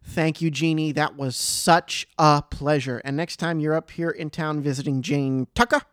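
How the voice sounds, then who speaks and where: A man hosting an interview podcast, thanking his guest and signing off in a relaxed, talkative way that sometimes loses its thread. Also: on the high side, normal speed, smooth, dry recording, studio quality. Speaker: podcast host. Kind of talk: casual interview and sign-off.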